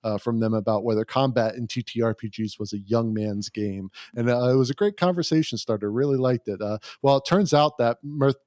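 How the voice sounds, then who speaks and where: A man's voice: mid-range voice, a little fast, few pauses, dry recording, clean studio sound. A man hosting a tabletop gaming podcast, chatting casually and passing questions to his co-hosts. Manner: relaxed, joking, hands out questions to co-hosts. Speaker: podcast host.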